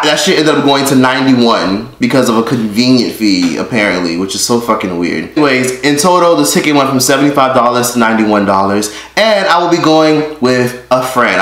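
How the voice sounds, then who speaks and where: A man's voice: mid-range voice, a bit bright. A man vlogging casually to his phone camera, joking with viewers and swearing often. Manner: profane, joking, talks to viewers directly. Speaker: YouTuber vlogger. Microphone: phone held by hand. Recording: echoey room, faint noise.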